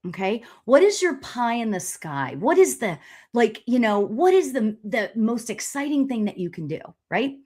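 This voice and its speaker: A woman spiritual medium doing a live stream tarot reading. She talks in a gushing, chatty way with many laughs and excited exclamations. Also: a little high, moderate pace. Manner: chatty and rambling, with fillers and restarts.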